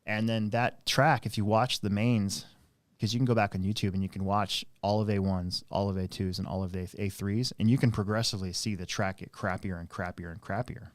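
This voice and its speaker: A man's voice: fairly low pitch, steady tone, fairly quick, dry recording. A man hosting a casual live stream, telling long rambling stories about racing with plenty of fillers and restarts. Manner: rambling anecdotal storyteller, many fillers. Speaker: host and RC track operator.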